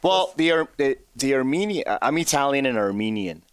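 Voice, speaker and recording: A man's voice: medium pitch, sing-song, fairly quick, smooth, no room sound, studio quality. A man from Uruguay, a comedian guest on a podcast, telling loose stories and acting out other people's lines. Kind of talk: casual podcast chat, joke storytelling.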